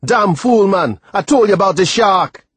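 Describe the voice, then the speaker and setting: A man voicing an old sailor, gruff but protective, with loud, drawn-out dialect speech. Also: medium pitch, fairly even intonation, no room sound, close to an everyday voice. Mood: angry.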